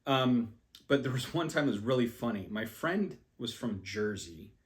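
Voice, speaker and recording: A man's voice: mid-range voice, expressive, normal speed. A man casually telling a personal travel story, rambling with many ums and restarts, self-deprecating about his skills. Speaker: language learner.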